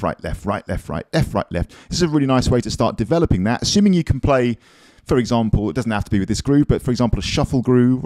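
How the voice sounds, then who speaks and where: A man's voice: mid-range voice, dark tone, no echo, studio quality. A man teaching a drum lesson in a casual, encouraging, chatty way, counting beats aloud as he plays.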